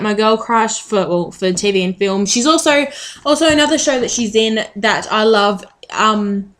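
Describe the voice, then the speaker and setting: A woman's voice: a little high, fairly bright tone, a little hiss or hum. A woman chatting casually to the camera in a rambling way with frequent ums. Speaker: vlogger.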